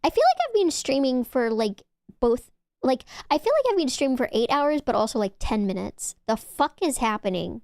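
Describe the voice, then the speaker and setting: A woman's voice: high voice, big pitch swings, normal speed, a little mellow, no echo, clean studio sound. A young woman streaming, chatting casually with her viewers in a giggly, teasing, rambling way.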